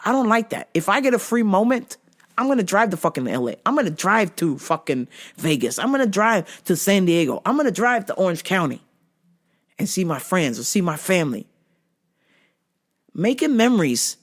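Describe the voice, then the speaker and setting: A woman's voice: mid-range voice, sing-song, normal speed. A woman hosting a show, telling stories in a casual monologue, blunt and full of profanity. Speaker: host.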